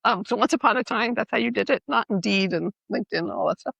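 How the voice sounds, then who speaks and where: A middle-aged woman from New York, co-hosting a podcast and telling animated, laughing stories in casual chat. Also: mid-range voice, fast talker, vocal fry, breathy edge, no room sound. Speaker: podcast co-host.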